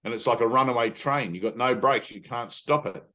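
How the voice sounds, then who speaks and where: A man's voice: medium pitch, fairly quick, pushed and bright. A middle-aged man leading an informal spiritual talk with his students, speaking emphatically and bluntly, with the odd swear word. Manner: emphatic and blunt, swears, acts out inner voices. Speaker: spiritual teacher.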